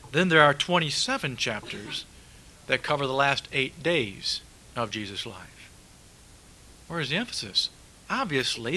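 Bright-toned preacher man, emphatic. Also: fairly high pitch, rough recording. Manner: emphatic, repeats key words, rhetorical questions. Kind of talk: sermon.

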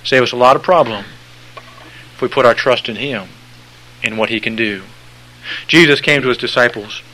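A man preaching a sermon with repetitive, emphatic phrasing and folksy sayings, swinging from hushed lines to loud, high outbursts. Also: normal speed, long pauses, rough recording.

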